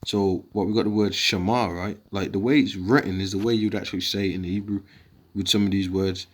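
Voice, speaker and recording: A man's voice: low voice, fairly even intonation, brisk, darkish tone. A man giving an informal scripture lesson, rambling and combative, dropping slang asides as he works through the words on his screen. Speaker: video teacher.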